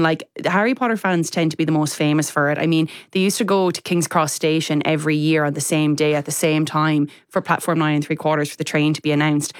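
Female podcast co-host, lower voice, emphatic and exasperated, dry close mic. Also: no room sound. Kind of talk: casual chat.

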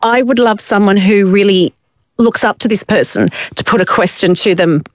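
A woman's voice: medium pitch, moderate pace, no echo. A woman presenting a casual culture chat, chatty with frequent restarts. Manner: chatty, restarts, rising asides.

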